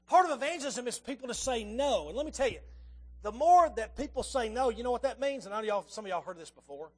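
A man in his fifties preaching a sermon to his congregation, emphatic, with rhetorical questions, swinging between loud and soft. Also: extremely high pitch, lively intonation, fast.

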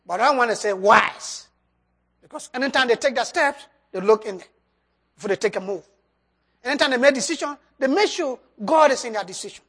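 A preacher giving a sermon and altar call, swinging between loud emphasis and soft drops, with loose grammar. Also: mid-range voice, animated, brisk, husky. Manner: loose, nonstandard English grammar.

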